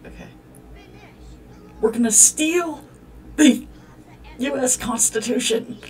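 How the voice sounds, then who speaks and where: A woman's voice: a little high, slow pace, darkish tone, distant mic. A woman hosting a let's-play, commenting on a life-sim game in a profane, exclamatory way as she talks at the characters. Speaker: gaming channel host.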